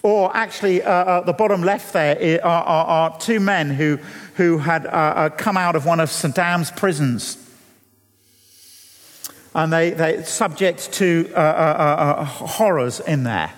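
A slightly high-voiced man preaching in earnest, stumbling over restarts as he presses his point. His words ring out through a church hall with a long, lingering reverb. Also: faint music behind. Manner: earnest, halting with repeated restarts. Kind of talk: sermon.

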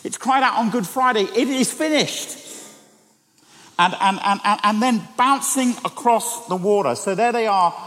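A man's voice: high voice, normal speed, hardly any pauses, bright, forceful tone. A man preaching a sermon as a church staff member, chatty and conversational, asking the congregation rhetorical questions. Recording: long church reverb.

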